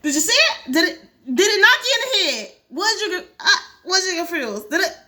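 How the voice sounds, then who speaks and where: A woman commentating a game with loud, profane exclamations and reading its dialogue aloud. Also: very high-pitched, sing-song, normal speed. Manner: reads game dialogue aloud between reactions. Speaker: gaming commentator. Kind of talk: let's play commentary.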